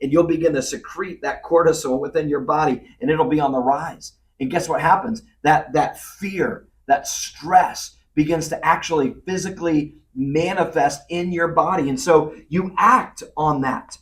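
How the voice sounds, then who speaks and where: A man hosting a leadership talk, teaching in an animated way and speaking straight to the listener, acting out quoted voices. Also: a little high, moderate pace, few pauses, distant mic. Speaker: leadership speaker and podcast host.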